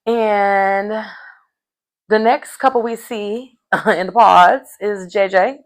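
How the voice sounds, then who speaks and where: A woman's voice: mid-range voice, steady tone, slow pace. A woman recapping a reality show in a rambling, chatty way, full of fillers. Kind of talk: casual recap chat.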